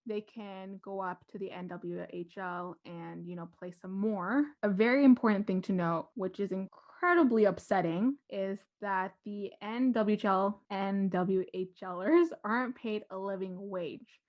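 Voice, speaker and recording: A woman's voice: mid-range voice, unhurried, few pauses. Female podcast co-host, chatty and careful with facts, muffled lo-fi mic. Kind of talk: casual sports chat.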